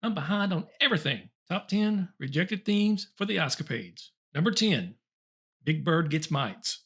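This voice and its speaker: A man's voice: fairly high pitch, big pitch swings, unhurried, fairly bright tone, husky. A man hosting a comedy show, reading old top ten lists aloud with chuckles and wry asides. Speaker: host.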